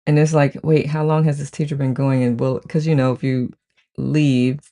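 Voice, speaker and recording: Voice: mid-range voice, level tone, normal speed, mellow. A host chatting casually on a live stream, greeting each viewer by name and reading the chat aloud with gushing enthusiasm. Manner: chatty, gushing, frequent "I love it". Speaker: host of a live book-study group.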